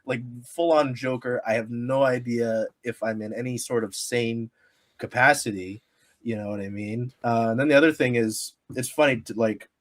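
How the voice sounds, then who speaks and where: A man's voice: medium pitch, fairly even intonation, moderate pace, a bit bright. A man from the Pacific Northwest telling stories as a guest on a casual sports podcast, rambling with many fillers and laughing often. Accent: Pacific Northwest American. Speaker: sports media creator, guest. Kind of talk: casual podcast interview storytelling.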